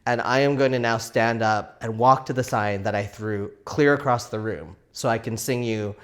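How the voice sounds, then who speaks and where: A man's voice: mid-range voice, moderate pace. Chatty man telling a story. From Canada. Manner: animated, laughing, frequent "like" fillers. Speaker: crafting vlog host. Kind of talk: casual storytelling vlog.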